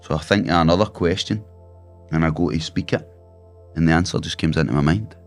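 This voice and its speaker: Man, very deep voice, storytelling with swearing, faint music behind. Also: brisk. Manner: swearing, vivid anecdotes with acted dialogue. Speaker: guest. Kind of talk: storytelling in casual chat.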